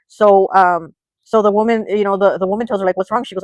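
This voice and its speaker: A woman's voice: medium pitch, steady tone, fast, no echo, poor audio. A woman reading tarot cards in a casual way and retelling a story loosely, with many fillers. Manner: chatty, loose retelling full of "like" and "you know". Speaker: tarot reader.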